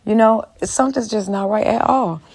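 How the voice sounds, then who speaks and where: A woman's voice: mid-range voice, normal speed, a little mellow. A woman in a casual commentary vlog, talking straight to her viewers in a profane, emphatic rant. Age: adult, a mother. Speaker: vlogger.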